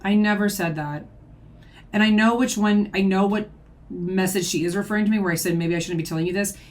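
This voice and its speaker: A woman's voice: medium pitch, fairly even intonation, quick pace. A woman reacting to a video, defending herself point by point in casual commentary.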